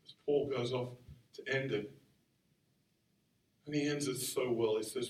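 A man preaching a sermon in a conversational, animated way, acting out the quotes he tells. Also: mid-range voice, a little slow, long pauses. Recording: roomy sound from far off the mic.

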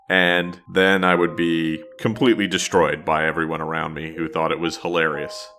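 Male podcast host from New Jersey, low voice, wry storyteller, faint music underneath. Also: steady tone, normal speed, few pauses, pushed and bright. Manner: storytelling, wry and self-deprecating. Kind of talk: scripted podcast narration.

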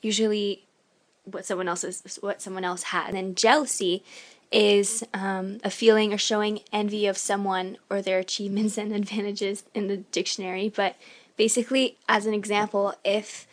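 A woman's voice: medium pitch, flat delivery, normal speed. A woman co-hosting a faith podcast, carefully explaining scripture terms with dictionary definitions and everyday examples. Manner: careful, reads dictionary definitions aloud, uses fillers. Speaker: podcast co-host. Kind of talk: explaining Bible verses on a podcast.

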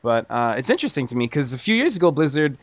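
A man hosting a casual gaming podcast, reading news in a relaxed way with many fillers and the odd swear. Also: mid-range voice, fast talker, dry recording. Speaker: podcast host. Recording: dull lo-fi audio.

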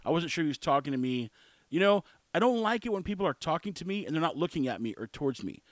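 A man's voice: a little high, very animated, fast talker, dry recording. A man in his forties telling a story in a casual monologue, blunt and opinionated, rambling with restarts. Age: 40s.

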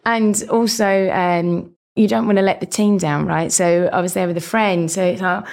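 Podcast guest: young woman, South East London accent, lowish voice, lively storyteller who laughs a lot. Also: moderate pace, vocal fry. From England. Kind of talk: casual chat.

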